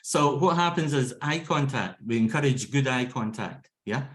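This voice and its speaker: Over a video call with a roomy echo, a man leads a laughter yoga class, his medium-pitched voice fairly bright and his speed normal. He instructs and demonstrates with energy, bursting into ho-ho-ha-ha-ha chants and laughter while repeatedly asking "okay?" and "yeah?"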